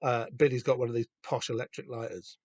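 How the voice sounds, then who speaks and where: A man with a Southern English accent hosting a podcast, chatting casually and excitedly about a comic, swearing freely and rambling with lots of fillers. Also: mid-range voice, a little fast, dry recording, lo-fi sound. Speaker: podcast host. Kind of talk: casual comic book discussion.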